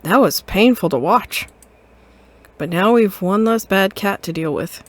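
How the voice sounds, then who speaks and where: A woman's voice: mid-range voice, lively intonation, unhurried, no room sound. A woman game streamer narrating and voicing her detective cat in a playful, amused way. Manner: playful, giggly, quietly amused. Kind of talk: casual narration of a story game.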